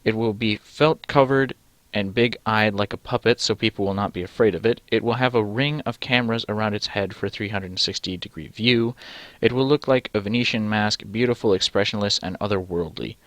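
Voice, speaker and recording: A man's voice: lowish voice, brisk, dry recording. A man reading a text adventure game aloud and adding dry, sarcastic asides. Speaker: let's play gamer.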